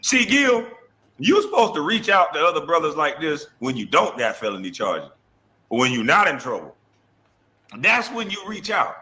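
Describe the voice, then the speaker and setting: A man hosting a heated, taunting casual rant, mocking someone with quick impressions. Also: fairly high pitch, very animated, pushed and bright. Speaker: show host.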